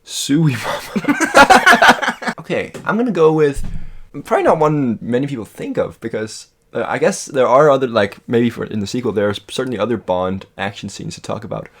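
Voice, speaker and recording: A man co-hosts a podcast in loose, joking chat. His pitch swings widely as he talks. He laughs often and slips into quick impressions. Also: animated. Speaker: podcast co-host. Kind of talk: casual chat.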